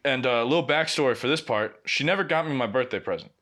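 Bright, forceful young man, mid-pitched, blunt, profane, casual podcast chat. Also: fast. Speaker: podcast co-host.

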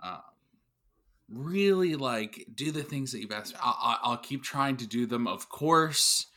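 A man's voice: medium pitch, expressive, measured pace, sharp tone. A man co-hosting an improv comedy podcast, hesitant and stammering, dodging questions. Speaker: podcast co-host.

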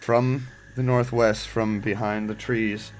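A man running a tabletop game as game master, easygoing and quick to laugh. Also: on the low side, flat delivery. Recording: background music under the voice.

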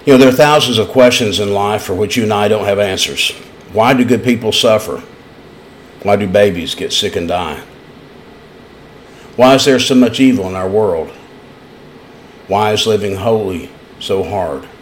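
A man with an East Tennessee accent preaches in a lowish voice, folksy and earnest as he tells his stories. A faint hiss sits under the recording. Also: normal speed, pauses often. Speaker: pastor. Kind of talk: sermon.

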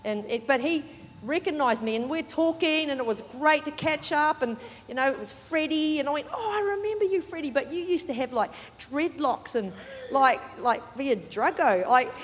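A woman pastor preaching a sermon in a church, chatty and animated, with joking asides. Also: high-pitched, moderate pace, in a large hall, slight background noise. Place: large church hall.

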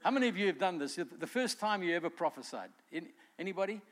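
A male pastor delivering a sermon, animated and emphatic, acting out quotes with rising force. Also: high voice, fast. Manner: animated preaching, voices quotes with swelling emphasis.

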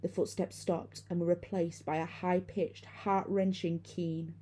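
Dark-voiced woman narrating horror. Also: lowish voice, flat delivery, a little slow, breathy edge. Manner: hushed, suspenseful. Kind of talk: first-person horror story reading.

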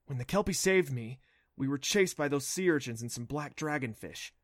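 A man's voice: medium pitch, animated, normal speed, no echo, natural voice. A man voicing an earnest, stubborn young boy who insists on his story, in a dry audiobook reading. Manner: insistent, defiant.

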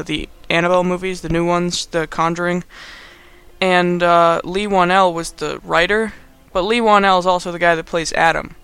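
A man's voice: high voice, pushed and bright, smooth. A young man hosting a podcast, giving a casual movie recap in a rambling, sarcastic way. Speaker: podcast host.

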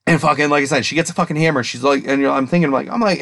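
A young man co-hosting a casual podcast, rambling excitedly and swearing constantly as he retells a story. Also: on the high side, quick pace, vocal fry, few pauses. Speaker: podcast co-host. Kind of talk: casual chat.

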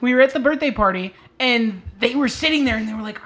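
A woman's voice: a little high, quick pace, fairly bright tone. A woman co-hosting a casual podcast, telling stories and laughing often. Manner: laughing, storytelling. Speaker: podcast co-host.

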